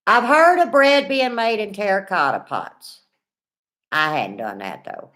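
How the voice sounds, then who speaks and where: A woman's voice: mid-range voice, animated, unhurried, fairly bright tone. A woman, in her forties, hosting a casual livestream, chatting folksy and greeting viewers by name while reading comments. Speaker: livestream host.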